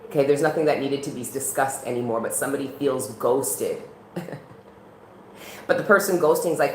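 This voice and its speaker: A woman's voice: extremely low pitch, fairly even intonation, brisk. A woman doing a casual tarot reading, talking bluntly with plenty of swearing and frequent laughs. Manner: blunt, profane, laughs often. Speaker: tarot reader. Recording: roomy echo, faint background noise.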